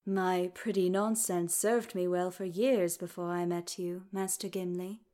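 A woman reading the part of a young male elf who speaks softly and formally, with halting pauses. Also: on the low side, steady tone, natural voice. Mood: earnest. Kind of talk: audiobook character reading.

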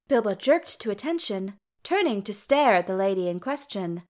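A woman narrating a story in an unhurried, even manner. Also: medium pitch. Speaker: reader. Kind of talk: storybook reading.

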